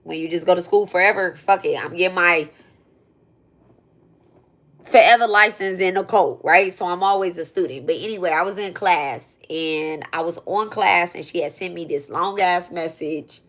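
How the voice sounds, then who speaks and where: Blunt, profane female creator with a lowish voice, rambling through a personal story. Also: normal speed, fairly bright tone. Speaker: spiritual content creator. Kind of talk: casual storytelling rant.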